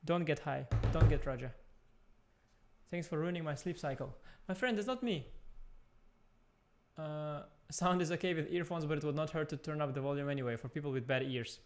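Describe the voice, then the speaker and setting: Chatty man streaming chess, slightly high voice. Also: moderate pace, faint music behind. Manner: chatty, playful, talks to viewers while clicking around. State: tired, speaking softly at first. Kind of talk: casual live-stream chat. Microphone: desktop USB mic.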